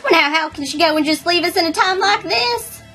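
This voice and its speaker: A woman's voice: extremely high pitch, fairly quick, pushed and bright, soft background music, exaggerated voice. A woman voicing a fussy, folksy old grandmother pony in a toy skit, with a countrified way of talking. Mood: fretful.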